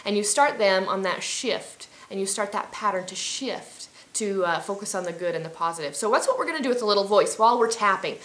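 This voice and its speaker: A woman's voice: mid-range voice, lively intonation, brisk, few pauses, fairly bright tone, reverberant. A woman hosting an instructional self-help video, talking in a friendly, chatty way with fillers and restarts. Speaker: healing coach and video host.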